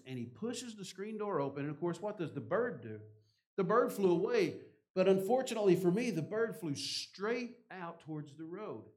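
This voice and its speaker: An older man preaching a sermon, a pastor whose delivery swings from loud emphasis to quiet, intense passages. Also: mid-range voice.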